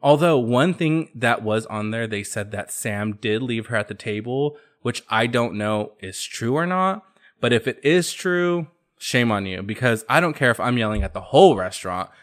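A man's voice: medium pitch, normal speed. A man hosting a podcast, chatting casually and sassily about pop culture gossip. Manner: sassy, chatty, animated storytelling. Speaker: podcast host.

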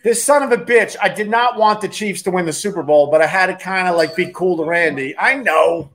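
Man, middle-aged, beer show host, casual chat, loud, high-pitched, jokey and profane. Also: brisk. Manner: loud, joking, swears freely.

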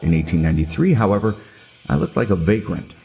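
A man's voice: low-pitched, lively intonation, fast, dark tone. A middle-aged man telling a scripted comedic story in a wry, self-mocking way. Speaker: podcast narrator.

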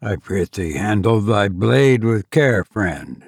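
A man voicing a mysterious masked male stranger in a forest, speaking old-fashioned courtly words in a low, hushed tone. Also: lively intonation, slow, breathy edge, dry recording, studio quality, exaggerated voice. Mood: sinister calm.

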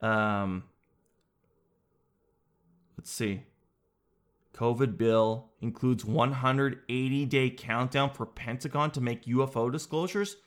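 A man's voice: mid-range voice, slow pace, pauses often. A man who hosts a podcast and does stand-up comedy. He talks in a casual, rambling, joking way and swears now and then. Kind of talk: casual solo podcast chat.

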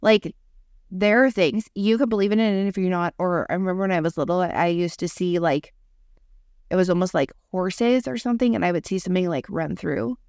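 Woman, podcast host, casual storytelling, gravelly fry, close dry sound. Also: lowish voice, fairly quick, a little mellow, no echo. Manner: chatty, heavy use of "like".

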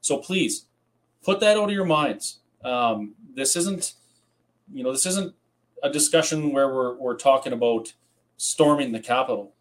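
A man's voice: mid-range voice, unhurried. A man hosting a webinar, speaking earnestly and reassuring the viewers. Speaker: webinar host.

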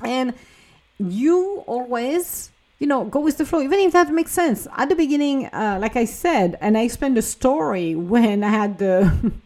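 A woman's voice: fairly high pitch, animated, normal speed, a little mellow. A woman hosting a motivational podcast, talking earnestly and acting out her own inner dialogues. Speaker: podcast host.

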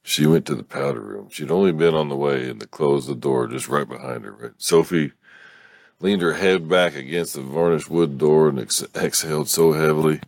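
A man reading a romance novel aloud, unhurried, with small slips and restarts. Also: very deep voice, creaky, no echo. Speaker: book reader.

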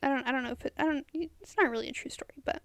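High-voiced woman chatting with halting pauses. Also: fairly bright tone, no room sound. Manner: halting, searches for words with many fillers. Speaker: podcast co-host. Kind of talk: casual chat.

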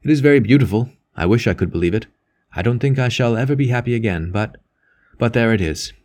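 A man's voice: mid-range voice, lively intonation, fast, darkish tone, lightly acted. A man voicing a weary, gloomy priest who has lost his faith, in an audiobook reading. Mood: sorrowful. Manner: heavy, gloomy.

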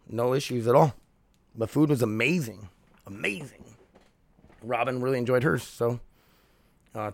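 A man's voice: medium pitch, creaky, no room sound. A man hosting a casual solo podcast from home, rambling, swearing freely and laughing often. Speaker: podcast host.

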